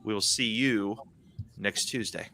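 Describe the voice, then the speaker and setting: A man's voice: fairly low pitch, unhurried, creaky, bright, forceful tone. A man, a regular co-host, speaking in upbeat, casual podcast chat.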